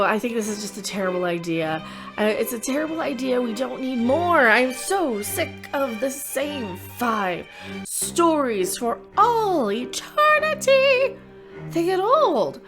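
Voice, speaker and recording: A woman hosting a ranting commentary vlog, sarcastic and theatrical in her delivery. Her voice sits a bit high, and music plays clearly underneath. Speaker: commentary channel host. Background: background music.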